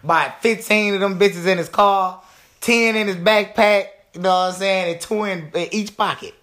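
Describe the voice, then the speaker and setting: Man, podcast co-host, higher pitch, bright, brash profane trash talk. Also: steady tone, normal speed. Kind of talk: casual chat.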